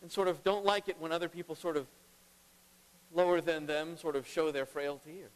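A middle-aged man preaching a sermon as pastor, emphatic, swinging between loud and hushed. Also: a little high, steady tone, fairly quick. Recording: long reverb of a large hall.

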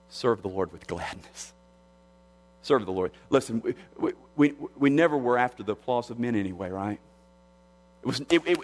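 Emphatic male pastor in a reverberant hall. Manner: emphatic preacher, repeats phrases, pitch rises on key words. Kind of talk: sermon.

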